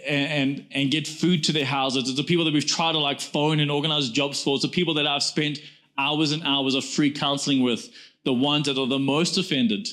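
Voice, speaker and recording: A man in his forties delivers a church sermon in a high, ringing voice. He hammers his points through repetition and keeps turning to the congregation with "guys.". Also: steady tone, moderate pace, a bit bright. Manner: emphatic preaching, repeats phrases, addresses congregation as "guys". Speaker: pastor.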